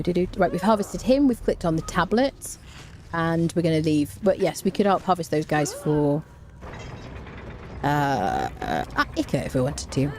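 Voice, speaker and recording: Low-voiced woman streaming gameplay. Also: darkish tone, a little hiss or hum. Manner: chatty, rambling, repeats "there you go". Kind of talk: live gameplay commentary.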